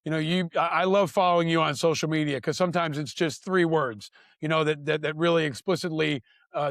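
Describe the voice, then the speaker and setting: A man's voice: fairly high pitch, a bit bright, no echo, clean studio sound. A man hosting a podcast, earnestly building a long interview question with repeated phrases. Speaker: podcast host.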